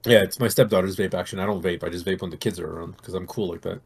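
A middle-aged man on a podcast, talking casually in a rambling, animated way about a show and games he loves. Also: sits low, very fast, gravelly, a little hiss or hum. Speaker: podcast co-host. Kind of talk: casual chat.

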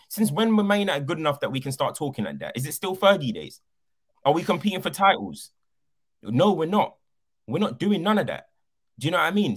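Animated, emphatic man ranting about football. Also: mid-range voice. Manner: animated, emphatic, repeats points for effect. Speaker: football podcast co-host. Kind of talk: passionate football debate.

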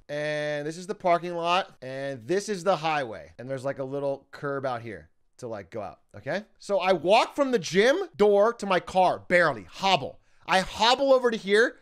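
Animated, high-voiced young male streamer. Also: moderate pace. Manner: animated, profane, laughs often. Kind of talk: casual storytelling.

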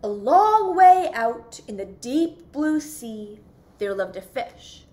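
A young woman reading a children's picture book aloud in a slow, expressive, sing-song storytelling voice. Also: fairly high pitch. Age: young adult. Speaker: youth volunteer reading aloud.

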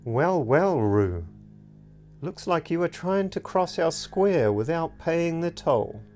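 A man voicing a teenage girl who leads a street gang, speaking in a calm, cultured, mocking way. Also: a little high, slow, soft background music, pitched above the performer's own voice.

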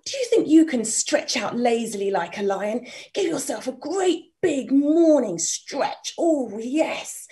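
Animated woman telling a children's story. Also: high voice, slow, few pauses. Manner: expressive, animated with whispers and calls to join in.

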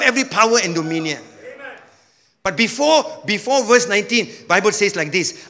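A man preaching a sermon with energy, now and then rising to a shout. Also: high-pitched, animated, normal speed, long reverb tail. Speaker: pastor.

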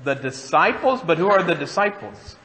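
Bright-voiced male pastor in reverberant church. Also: on the high side, big pitch swings, normal speed. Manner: conversational, asks the congregation questions. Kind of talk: sermon. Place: church sanctuary.

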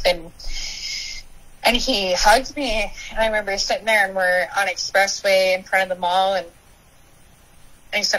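A woman's voice: mid-range voice, fairly even intonation, moderate pace, pauses often, sharp tone, rough recording. A young woman, a podcast guest, candidly and emotionally telling her personal recovery story.

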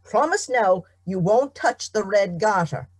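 A woman voicing a stubborn, greedy male farmer who speaks forcefully and insistently. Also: medium pitch, expressive, a little slow, no room sound, pitched above the performer's own voice. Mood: firm.

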